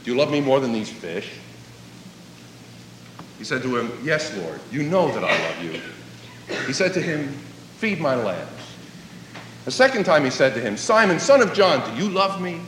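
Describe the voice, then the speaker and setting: A man with a fairly bright, high-sided voice preaches a sermon at a normal speed, very animated as he tells a story and acts out its dialogue. He's heard from a distance in an echoey hall, with slight background noise.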